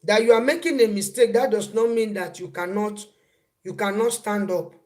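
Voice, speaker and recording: A woman's voice: mid-range voice, normal speed, a little mellow. A woman hosting a casual live stream, repeating phrases and breaking off to greet viewers as they arrive.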